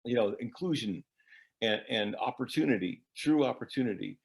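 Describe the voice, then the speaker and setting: A man who is a musician, speaking casually at a church service with wry joking asides and a halting delivery full of restarts. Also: medium pitch, expressive, vocal fry, darkish tone. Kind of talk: casual spoken reflection.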